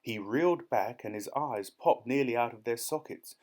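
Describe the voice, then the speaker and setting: Male reader, mid-pitched, steady children's audiobook narration. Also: normal speed.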